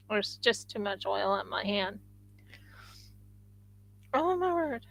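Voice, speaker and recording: Slow-talking woman chatting while crafting. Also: a little high, creaky, pushed and bright, no room sound, highs cut off. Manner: chatty, thinks aloud to viewers as she works. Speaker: craft live-streamer. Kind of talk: casual live-stream chat while sculpting.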